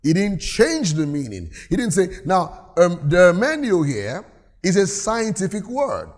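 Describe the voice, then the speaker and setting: In a church, a pastor preaches a sermon, reading scripture aloud and using call-and-response to get the congregation answering him. His voice is high-pitched and very animated, though his delivery runs a little slow.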